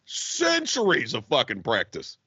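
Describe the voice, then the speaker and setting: Lively, profane man on a podcast. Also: mid-range voice, measured pace, husky, dry recording, dull audio. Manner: animated, profane, laughs often. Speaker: podcast co-host. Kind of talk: casual chat.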